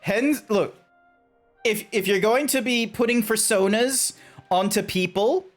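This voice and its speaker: A man chatting casually to his stream chat as a game streamer, animated and joking. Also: sits high, measured pace, faint music behind. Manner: animated, chatty, talks to chat, frequent laughs and restarts.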